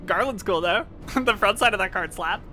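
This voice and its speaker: Young woman streamer, loose and profane, bright sharp tone, faint music under. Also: medium pitch, normal speed. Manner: animated, profane, laughs often. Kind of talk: casual live-stream chat while gaming.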